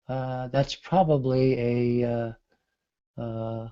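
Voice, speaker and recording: A man giving an unscripted software demonstration, thinking aloud with frequent pauses and fillers. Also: medium pitch, little pitch movement, muffled recording. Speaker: market analyst demonstrating software. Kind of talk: unscripted screen-share demo.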